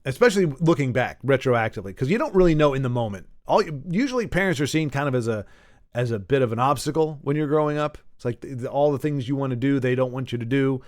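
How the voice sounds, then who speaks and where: A man's voice: mid-range voice, animated, quick pace, darkish tone, dry recording, studio quality. A man talking alone on a podcast, rambling and emphatic, with frequent restarts and self-corrections. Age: adult who grew up with Nintendo. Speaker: podcast host. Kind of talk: solo podcast monologue.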